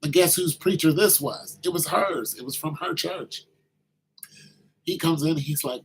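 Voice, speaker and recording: A man telling a story in a casual monologue, animated and slangy, acting out the quoted voices. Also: on the high side, measured pace, vocal fry, a little hiss or hum, rough recording.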